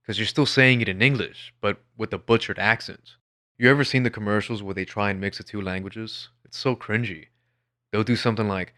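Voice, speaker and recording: A man tells his own story in a scripted, measured narration, wry and blunt with a sardonic edge. His voice sits a little low but has a bright, forward tone.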